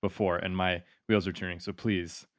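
A man's voice: low voice, level tone, moderate pace, dry recording, studio quality. A man hosting a podcast conversation, thoughtful and encouraging as he draws out his guest. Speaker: bonsai teacher, podcast host. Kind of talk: casual conversation.

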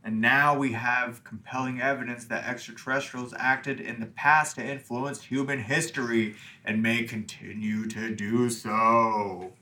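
Bright-voiced rambling man. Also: medium pitch, steady tone, normal speed, hardly any pauses. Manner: rambling, filler-heavy storytelling. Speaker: podcast co-host. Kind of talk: casual chat.

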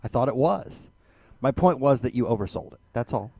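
Calm man defending his point. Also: medium pitch, a little fast, no room sound. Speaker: radio co-host. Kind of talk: casual chat.

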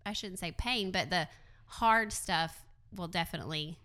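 A frank Southern woman telling personal stories, her voice low-set but bright and crisply clear. She talks plainly and warmly animated when she quotes others. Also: moderate pace. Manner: frank, storytelling, animated quoting. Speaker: chamber of commerce president. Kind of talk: casual panel chat.

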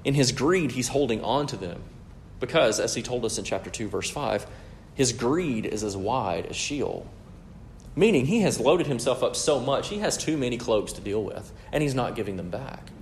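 A man's voice: mid-range voice, animated, normal speed, a little hiss or hum. A man preaching an expository sermon in an emphatic, explanatory way, often checking in with "right?".

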